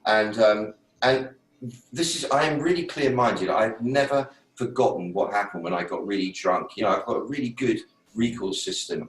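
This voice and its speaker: A man hosting an online meeting, telling a personal story in a casual, animated way and acting out his own thoughts. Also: medium pitch. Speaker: host. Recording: roomy sound from a distant mic.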